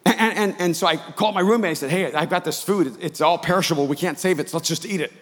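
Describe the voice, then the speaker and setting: Man preaching, high voice, echoing hall. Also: quick pace. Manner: builds from quiet storytelling to loud preaching. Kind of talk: sermon storytelling. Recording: reverberant hall.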